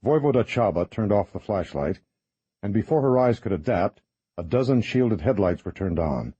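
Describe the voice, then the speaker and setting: Brief: low-voiced husky man, measured audiobook narration, dry studio sound. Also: lively intonation, dark tone, dry recording, dull audio.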